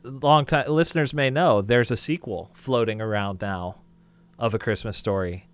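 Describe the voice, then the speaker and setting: Animated man chatting on a podcast. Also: mid-range voice, normal speed, smooth. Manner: animated, acts out quotes with bouncy energy. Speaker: podcast co-host. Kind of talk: casual chat.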